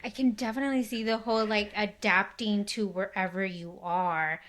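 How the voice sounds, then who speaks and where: Woman host, mid pitch, chatty and full of fillers. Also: fairly even intonation, moderate pace, fairly bright tone. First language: Spanish. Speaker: podcast host. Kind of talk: casual interview chat.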